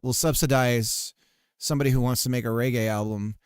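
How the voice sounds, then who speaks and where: An eager male official announces a plan loudly and earnestly, as a streamer puts him on. The voice stays smooth, recorded dry and close. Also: medium pitch, steady tone, a little fast, dry recording, close to an everyday voice.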